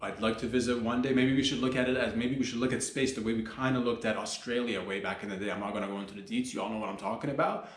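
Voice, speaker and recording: Rambling profane man in an echoey room. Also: mid-range voice. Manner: animated, mock-alarmed outbursts, profane slang. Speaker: comedy podcast host. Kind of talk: rambling comedic monologue.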